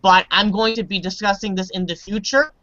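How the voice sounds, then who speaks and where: Woman teacher on an online english class, mid pitch, keeps repeating words, dry kinda muffled audio. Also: steady tone, sharp tone, no echo. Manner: halting, restarts and repeats words. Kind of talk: casual live online class.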